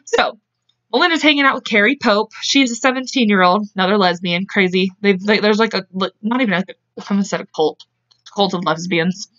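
A woman's voice: medium pitch, brisk, fairly bright tone, no echo, muffled recording. A woman co-hosting a podcast, telling a true-crime case in a casual, profane, rambling way. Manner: profane, chatty, laughs and goes off on tangents. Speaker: podcast co-host.

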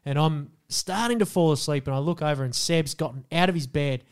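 A podcast co-host tells crude stories in casual chat, animatedly acting out the scenes. His voice is a little high, smooth, and a touch fast.

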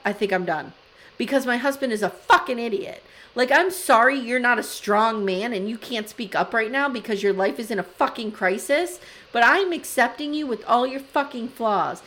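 A woman acting out an angry young wife in a loud, profane rant. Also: on the high side. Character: furious tipsy young wife ranting.

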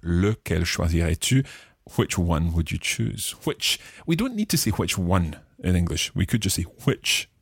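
A man co-hosting a language lesson podcast, explaining grammar slowly and spelling out words in a casual bilingual chat. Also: sits low, very animated, vocal fry, breathy edge.

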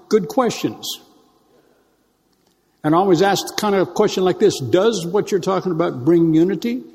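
A man's voice: high-pitched, dark tone. Man preaching in a reverberant church. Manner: conversational preaching with teasing asides and drawn-out emphasis. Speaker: pastor. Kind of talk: sermon.

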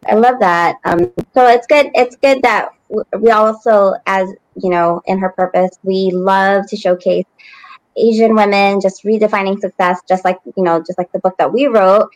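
A woman's voice: medium pitch, normal speed, no room sound, low-quality recording. Affirming woman podcast host, dry sound. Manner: warmly affirming, full of praise for the guest. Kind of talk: casual interview conversation.

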